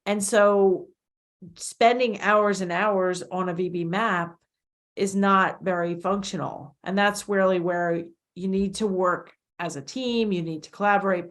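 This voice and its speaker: A woman's voice: medium pitch, steady tone, a little slow. Chatty middle-aged woman hosting. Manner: rambling, self-correcting, chatty. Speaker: podcast host, behavior analyst. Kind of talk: conversational interview.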